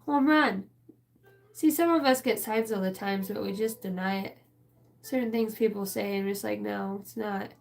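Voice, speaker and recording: Gravelly woman rambling through a channeled reading. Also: mid-range voice, moderate pace, darkish tone, faint music behind. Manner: rambling, emotional, swears freely. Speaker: spiritual channeler.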